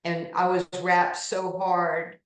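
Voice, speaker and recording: A woman in her sixties from New York, telling animated stories in an interview and acting out what people said. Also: on the low side, slow. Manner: animated anecdotes, acting out quoted voices. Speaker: interview guest, basketball pioneer. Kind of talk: storytelling interview. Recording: echoey room.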